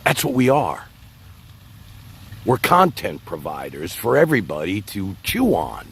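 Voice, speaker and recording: A man's voice: lowish voice, huge pitch swings, unhurried, vocal fry, fairly bright tone, slightly rough. A man hosting his own livestream, rambling casually and talking straight to his chat. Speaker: livestream host.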